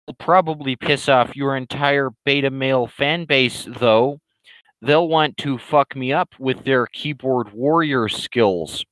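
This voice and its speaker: A man voicing a belligerent, loudmouthed male internet troll in a higher, louder, slow and drawn-out ranting voice. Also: no echo, low-quality recording. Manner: ranting, insulting, drawn-out emphatic delivery.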